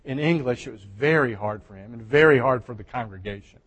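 A man pastor preaching a sermon in a conversational way, with restarts and soft laughs, recorded in a church. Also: mid-range voice, a little fast, husky. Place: church sanctuary. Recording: church hall reverb.

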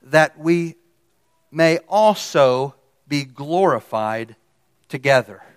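A man preaching a sermon, pressing key phrases with emphasis and letting his voice drop low at the ends of lines. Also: expressive, slow, clean tone.

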